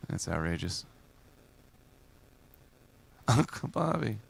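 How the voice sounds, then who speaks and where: A man with a voice on the low side, gravelly with a breathy edge, speaks slowly with big pitch swings. Hosting a live music request stream, he rambles casually between songs, reading and answering viewers while laughing often and joking around.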